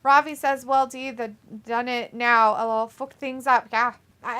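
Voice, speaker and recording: A woman co-hosting a casual live stream, reading viewer comments and reacting with blunt, profane remarks. Her voice is bright and sits a little high. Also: steady tone, moderate pace, clear, resonant tone. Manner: blunt, profane, laughs often. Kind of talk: casual chat.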